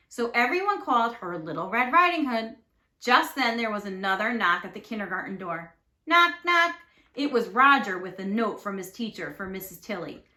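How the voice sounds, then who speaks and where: A woman teacher reading a storybook aloud with expressive, animated narration. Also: fairly high pitch. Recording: echoey room.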